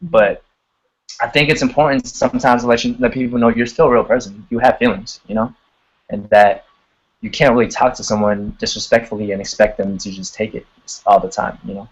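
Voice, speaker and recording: A man's voice: medium pitch, steady tone, a little fast, slightly rough, lo-fi sound. A man, a singer and guest, chatting casually on a live video call in a laid-back way, cursing now and then and often laughing. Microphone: computer on a video call.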